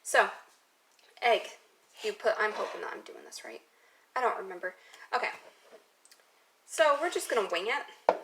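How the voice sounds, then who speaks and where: A woman's voice: medium pitch, animated, moderate pace, pauses often. A young woman talking casually through a recipe in her home kitchen, rambling and poking fun at herself as she goes. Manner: rambling, self-mocking asides. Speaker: cooking vlogger. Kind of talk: casual cooking demo chat. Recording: noisy home kitchen audio.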